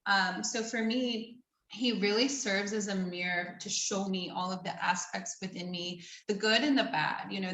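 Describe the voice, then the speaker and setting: A woman's voice: medium pitch, a bit bright. A woman guest on a talk show, speaking thoughtfully about self-growth, searching for words with many ums. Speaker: podcast guest. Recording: echoey room sound.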